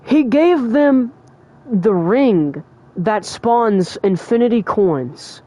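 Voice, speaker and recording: Excitable young adult streamer, chatty. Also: medium pitch, drawn-out words. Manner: emotional and excitable, heavy on fillers like "like" and "bro". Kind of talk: casual livestream chat.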